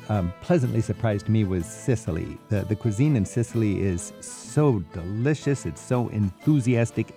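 A man's voice: on the low side, warm tone. A man hosting a radio travel show, interviewing a guest with curiosity and playful questions.

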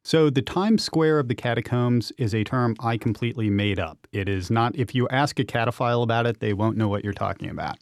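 A man's voice: medium pitch, a little fast, hardly any pauses, dry recording, studio quality. A man, an urban explorer and author, telling vivid, enthusiastic stories as a guest on a radio interview.

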